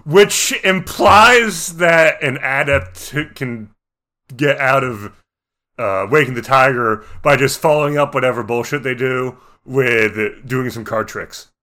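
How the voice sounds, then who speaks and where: A man's voice: medium pitch, slow, bright, forceful tone. A man in casual chat about a tabletop game, thinking aloud with lots of restarts. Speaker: tabletop game podcast co-host.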